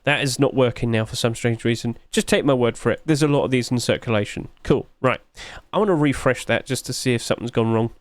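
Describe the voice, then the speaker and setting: A sleepy man chatting his way through game skin reviews, rambling along with sudden high-pitched exclamations. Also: fast, dry recording. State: sleepy, yawning. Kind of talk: casual screen commentary.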